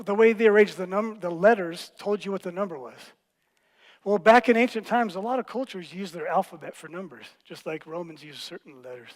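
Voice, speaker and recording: Delivering a sermon in a large church hall, a pastor with a high-pitched voice teaches playfully and with lots of animation, tossing off quick jokes along the way.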